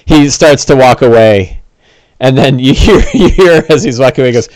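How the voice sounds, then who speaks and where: Animated man running a tabletop game. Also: medium pitch, moderate pace, no echo, clean studio sound. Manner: animated, laughing narration. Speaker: game master.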